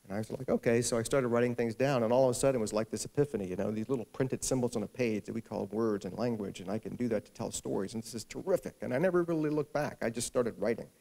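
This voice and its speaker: A man's voice: medium pitch, fast talker, creaky, few pauses, dark tone. A middle-aged man, the featured author at a library event, telling a funny anecdote to an audience and acting out the people in it. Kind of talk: storytelling talk to an audience. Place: event hall before a live audience.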